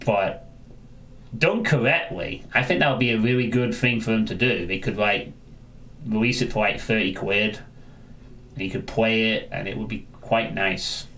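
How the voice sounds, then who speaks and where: A man's voice: lowish voice, moderate pace, a bit bright. A man chatting casually on a live stream, rambling and answering viewers, often restarting his sentences.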